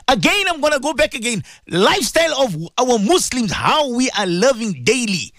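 A man's voice: very high voice, very animated, brisk, few pauses, fairly bright tone, no echo, studio quality. A man giving an impassioned radio sermon, hammering home repeated rhetorical questions to his listeners. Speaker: radio presenter giving Islamic advice.

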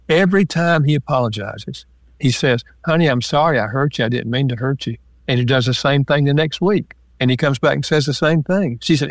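A man guest, an author and counselor, calmly explaining ideas step by step with examples in a relaxed interview. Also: mid-range voice, no room sound.

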